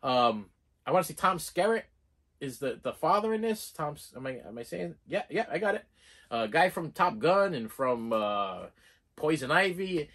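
Man, casual film reviewer, rambling, excitable, bright tone, high voice. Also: normal speed, slightly rough. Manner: excitable, rambling, with many restarts and fillers. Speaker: movie reviewer.

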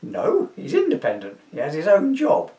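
Smug pen-pushing official done by a man, lively pitch, roomy far-off sound. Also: moderate pace, exaggerated voice. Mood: condescending. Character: smug officious male bureaucrat. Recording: roomy, from a distance.

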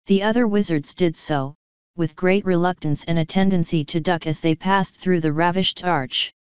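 A woman narrating an audiobook in a measured, even storytelling manner. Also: on the low side, clean tone, dry recording, highs cut off.

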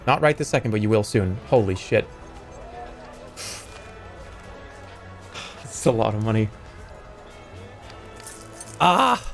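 A man streaming a video game, talking his way through it with sudden yelps, swearing and bursts of excitement, and sometimes reading the game's dialogue aloud. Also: fairly low pitch, slow pace, gravelly, pauses often, soft background music. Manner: excitable, swearing, yelps and shouts when things go wrong. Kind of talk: live gameplay commentary.

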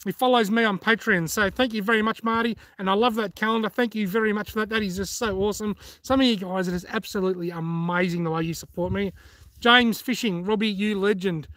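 A man's voice: sits high, steady tone, fast talker, fairly bright tone, dry recording. A middle-aged Australian man hosting a fishing channel, chatting casually on a live stream as he reads out comments and laughs at his own jokes.

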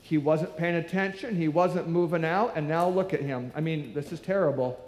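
A man's voice: on the high side, moderate pace, darkish tone. A man preaching a sermon, telling a story and acting out the voices of the people in it. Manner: storytelling, acts out quoted voices. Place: church. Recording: echoey church hall.

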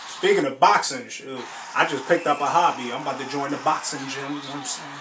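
A man hosting a sports reaction video, talking in casual slang, laughing often and breaking into loud exclamations. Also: medium pitch, fast talker. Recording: echoey room, mic at a distance, faint background hiss.

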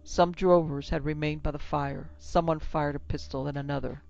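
Gravelly woman narrating a horror tale. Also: low-pitched, steady tone, normal speed, darkish tone. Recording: dull lo-fi with faint music.

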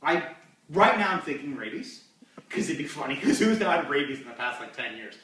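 Rambling man with a bright, high voice. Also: sing-song, brisk. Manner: rambling, crude, many fillers. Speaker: host. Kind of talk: amateur stand-up and banter. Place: home living room. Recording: echoey room from far off.

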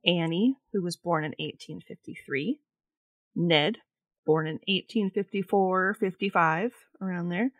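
Low-voiced woman podcast host. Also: unhurried, dry recording. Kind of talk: casual podcast chat, reading notes.

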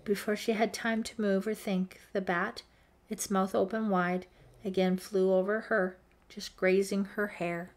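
A woman narrating a teen horror audiobook in a measured, suspenseful reading. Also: mid-range voice, flat delivery. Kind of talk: scripted narration.

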